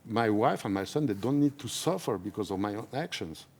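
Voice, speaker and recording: Earnest man, halting speech. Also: on the low side, expressive, darkish tone. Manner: earnest, repeats himself, halting non-native phrasing. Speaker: interviewee, whistleblower. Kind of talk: emotional conversational interview. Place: conference stage.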